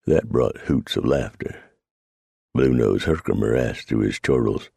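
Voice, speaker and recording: A man narrating a western audiobook in a steady storytelling read. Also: a bass voice, normal speed, vocal fry, breathy edge, no room sound, clean studio sound. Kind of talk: scripted narration.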